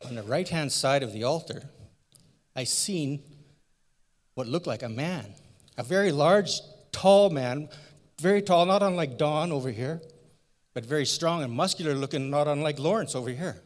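A man's voice: a little high, normal speed, pauses often, natural voice. A man playing the elderly priest Zechariah in a first-person church skit, telling his story in an earnest, folksy, rambling way. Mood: earnest retelling. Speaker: church member in a sermon skit. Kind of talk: first-person dramatic monologue. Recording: long church hall reverb.

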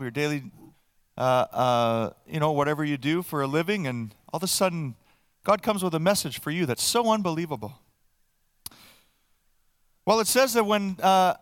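A male pastor preaching in a conversational, reflective way, with filler pauses as he thinks aloud. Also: sits high, a bit bright, dry recording, studio quality. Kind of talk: sermon.

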